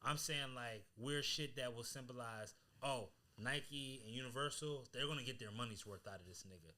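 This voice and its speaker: Bright-voiced animated male podcast host. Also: medium pitch, normal speed. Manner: animated, emphatic, heavy slang. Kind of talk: casual podcast chat.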